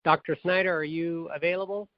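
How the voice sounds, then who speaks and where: A man's voice: a little high, fairly even intonation, fairly quick. Hesitant man hosting a phone call. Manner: friendly, hesitant, many uhs. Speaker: host. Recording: dry, dull phone line.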